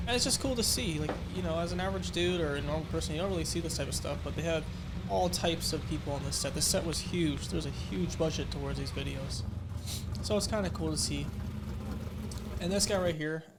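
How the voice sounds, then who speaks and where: A young man casually telling a story as he reacts to his old videos, lively and full of fillers, acting out what people said. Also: on the high side, brisk, very noisy. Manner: animated storyteller, acts out quoted exchanges, many fillers.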